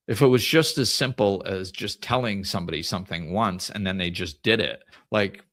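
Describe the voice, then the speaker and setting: A man's voice: lowish voice, a bit bright, no echo, studio quality. A man hosting a podcast, telling stories in a casual, conversational way about spiritual life, with frequent restarts. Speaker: podcast host.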